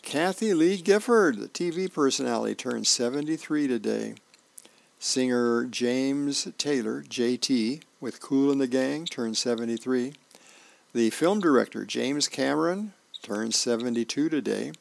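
Gravelly-voiced man reading the paper aloud. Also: medium pitch, measured pace, no room sound. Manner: relaxed, homey reading with small asides and self-corrections. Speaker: volunteer reader. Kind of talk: reading newspaper comics and birthdays aloud.

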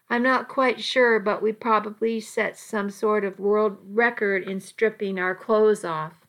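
A woman reads a romance story aloud at an unhurried pace. Her delivery is soft and intimate, in a mid-pitched voice. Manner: slow, soft and intimate reading. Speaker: narrator. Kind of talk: audiobook narration of a romance story.

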